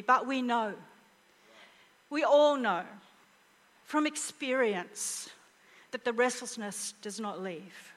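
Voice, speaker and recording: Middle-aged woman giving a chatty funny sermon, high voice, goes quiet to make a point. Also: takes it slowly, long pauses, long reverb tail. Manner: animated, humorous, dropping to a hushed voice for emphasis. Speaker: preacher. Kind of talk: conversational sermon.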